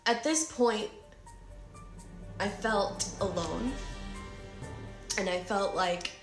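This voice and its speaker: A woman in her twenties telling a personal story in an animated way, acting out her own shouts and quoted lines. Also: mid-range voice, very slow, reverberant, music in the background. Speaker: vlogger. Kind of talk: emotional storytime retelling.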